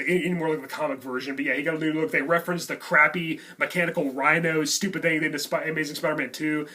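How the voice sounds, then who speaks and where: Guy rambling thru a movie review, lotsa ums, voice a bit on the high side. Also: fairly bright tone. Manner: rambling, many "um" and "you know" fillers. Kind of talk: casual reaction vlog.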